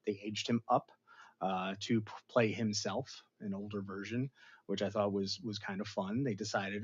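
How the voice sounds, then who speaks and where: A man hosting a casual episode review, animated and chatty, often slipping into playful voices for the characters. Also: lowish voice, moderate pace, husky. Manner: animated, acts out characters' lines in funny voices. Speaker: show host. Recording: slightly dull, lo-fi sound.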